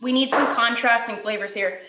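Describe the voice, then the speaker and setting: A woman's voice: fairly high pitch, normal speed, reverberant, background noise. A young woman hosting a live-streamed cooking class, chatty and encouraging with her viewers, teary and sniffly from cutting onions.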